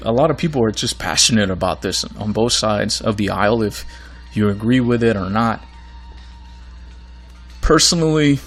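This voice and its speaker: A man hosting his own podcast in a casual monologue, earnest and rambling, with a voice going hoarse. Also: fairly low pitch. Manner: rambling, earnest, many fillers and restarts. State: losing his voice. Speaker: podcast host.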